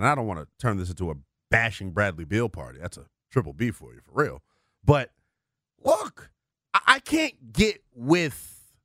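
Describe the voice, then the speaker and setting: A man co-hosting a sports radio show, talking animatedly and firing off rhetorical questions in a studio. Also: no room sound. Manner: animated, swings from loud to low, rhetorical questions. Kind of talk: sports talk radio banter.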